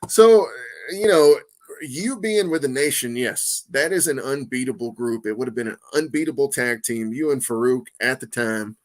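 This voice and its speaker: A man hosting an interview podcast, talking in a casual, animated way that jumps between loud bursts and quiet asides. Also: medium pitch, moderate pace. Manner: excitable, animated, swings loud and soft; peppers talk with "man" and "you know what I mean". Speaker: podcast host.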